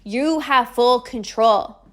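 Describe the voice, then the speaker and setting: A woman's voice: on the high side, slow. A woman podcast host and coach giving an enthusiastic, persuasive promotional monologue, full of "like" fillers.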